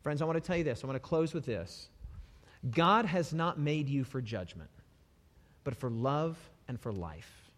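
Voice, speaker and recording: A man preaching a sermon with passion, moving between soft pleading passages and loud, emphatic ones. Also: a little high, lively intonation, moderate pace. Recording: long hall reverb.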